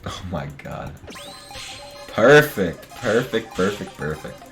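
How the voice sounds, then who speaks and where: A man's voice: fairly low pitch, big pitch swings, slow, fairly bright tone, faint music behind. A man streaming a game, joking and muttering asides to his viewers in casual commentary.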